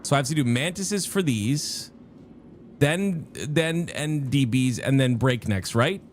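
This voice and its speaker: A man with a medium-pitched, expressive voice speaks slowly over a little hiss or hum. He's streaming a game live, casually rambling to viewers and often interrupting himself, with faint music in the background.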